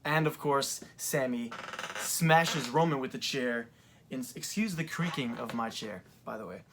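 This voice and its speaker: A young adult man talking through events in a casual commentary vlog, rambling with lots of fillers, seated in a creaky chair. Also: medium pitch, measured pace, noisy background. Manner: rambling, filler-heavy retelling. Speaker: wrestling fan reviewer.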